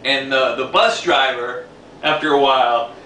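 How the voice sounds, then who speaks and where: Bright-voiced man telling a rambling story. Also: mid-range voice, measured pace. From New York City area. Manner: rambling, repeats words, laughs while telling. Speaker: vlogger. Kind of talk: casual storytelling monologue. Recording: echoey room, distant from mic, faint hiss.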